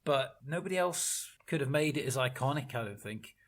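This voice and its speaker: A man's voice: medium pitch, expressive, fairly quick. A man on a film podcast panel, chatting casually and bluntly, swearing freely and laughing often.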